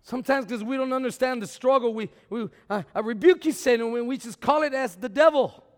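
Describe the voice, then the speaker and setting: Preacher guy, really high voice, big swings from shouting to murmuring, stammers and repeats, long church echo. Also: brisk. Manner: swings from shouting to low, quiet talk; repeats words, stammers on restarts. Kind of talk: sermon. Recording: long hall reverb.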